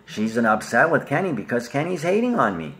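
A man's voice: mid-range voice, very animated, a little fast, fairly bright tone. A man with an Australian accent talking in a loose, rambling monologue that jumps from topic to topic and is addressed to his family.

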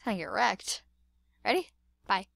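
A woman's voice: medium pitch, expressive, unhurried, gravelly, a bit bright, slight background noise. Silly, dramatic gamer woman. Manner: dramatic, silly, exclaims and repeats words. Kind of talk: playful gameplay commentary.

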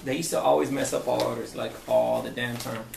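A man's voice: medium pitch, steady tone, fairly quick, vocal fry, a little mellow. A man vlogging, chatting casually over a meal and rambling as he repeats himself. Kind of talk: casual mukbang chat. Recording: distant echoey noisy recording.

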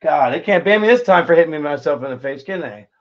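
A man streaming live, ranting angrily and swearing nonstop, with yelling outbursts. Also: a little high, expressive, fast talker, highs cut off, slight background noise. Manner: profane, swears constantly. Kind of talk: angry stream rant.

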